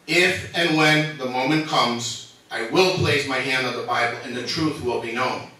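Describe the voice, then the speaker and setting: Heard distantly in an echoey hall, a man with a medium-pitched, bright and forceful voice addresses a meeting at an ordinary pace. He is a resident at public comment, delivering a formal, earnest defense of himself while sounding nervous and emotional.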